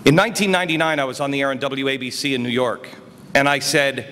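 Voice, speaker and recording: A man giving an emphatic political speech at a conference, his voice swinging between quiet and loud. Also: medium pitch, steady tone, fast talker. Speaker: speaker. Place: conference hall. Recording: reverberant hall, faint noise.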